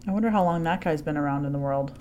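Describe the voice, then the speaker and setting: Soft-spoken woman in relaxed chat. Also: sits low, rapid-fire. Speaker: podcast co-host. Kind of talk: casual chat.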